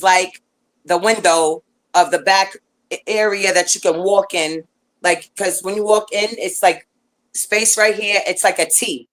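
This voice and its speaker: A woman guest telling a long story in casual chat, animated and rambling, with lots of fillers and restarts. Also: medium pitch, poor audio.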